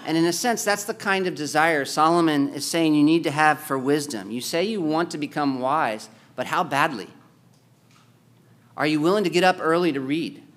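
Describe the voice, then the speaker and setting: Male pastor, higher-pitched voice, sermon delivery that alternates between forceful urging and hushed storytelling. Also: normal speed. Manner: emphatic, swings between loud exhortation and quiet storytelling.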